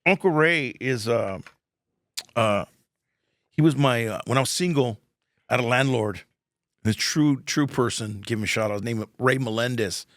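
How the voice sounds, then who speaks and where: A man's voice: medium pitch, moderate pace, long pauses, fairly bright tone, no echo, clean studio sound. A male comedian, a podcast guest, telling rambling stories in casual chat, laughing and swearing along the way.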